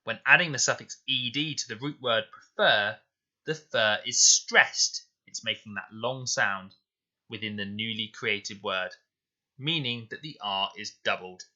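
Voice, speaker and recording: A man teaching a recorded spelling lesson to children, explaining slowly and clearly and repeating words with care. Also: lowish voice, bright, forceful tone, highs cut off. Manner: slow, clear, deliberate explanations. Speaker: primary school teacher. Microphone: voice-over to slides.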